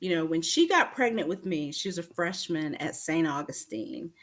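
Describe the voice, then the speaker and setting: A woman's voice: on the low side, moderate pace. A woman in her fifties from North Carolina, telling stories as an interview guest and acting out other people's lines. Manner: animated storyteller, acts out others' lines. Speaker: interview guest, author and femininity coach. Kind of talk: casual storytelling interview.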